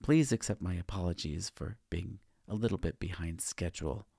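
A man's voice: deep voice, moderate pace, vocal fry, warm tone, husky, dry recording, clean studio sound, exaggerated voice. A man voicing a wry, otherworldly guide who walks on water, speaking in a teasing sing-song.

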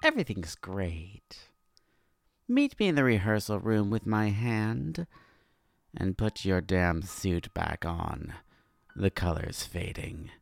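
A man's voice: lowish voice, huge pitch swings, takes it slowly, creaky, no room sound, pitched above the performer's own voice, heavily acted. A man voicing a coaxing, sinister demon uncle. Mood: commanding. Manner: sweetly coaxing, turning cold and commanding. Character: scheming male demon uncle, coaxing and stern.

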